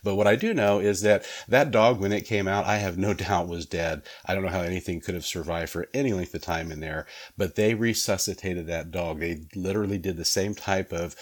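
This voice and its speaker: A man with a very low voice recounts a story in casual conversation. His delivery is earnest and low-key, and he breaks into laughter often. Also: brisk, few pauses. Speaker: podcast co-host, police chaplain.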